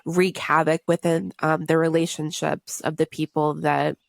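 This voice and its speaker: Woman on a movie podcast, low voice, dry close sound, says like and um a lot. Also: little pitch movement, normal speed, vocal fry, no echo. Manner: thoughtful, many fillers like "like" and "um". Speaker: podcast co-host. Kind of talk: casual movie discussion.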